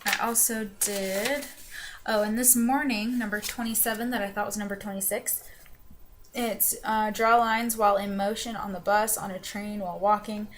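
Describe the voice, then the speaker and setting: A woman's voice: medium pitch, fairly even intonation, moderate pace. A young woman with an accent that drifts between New York and the American South, chatting casually through a journal vlog with lots of fillers and restarts. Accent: mixed New York and Southern US. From the Carolinas. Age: young adult. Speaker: vlogger. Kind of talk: casual chat. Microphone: webcam. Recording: webcam with faint background noise.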